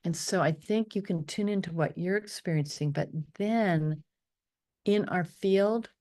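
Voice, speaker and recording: A woman leading a guided meditation, speaking softly and slowly and often slipping into a whisper. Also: lowish voice. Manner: slow, soft and drifting, often dropping to a whisper on affirmations. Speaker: spiritual teacher leading a meditation.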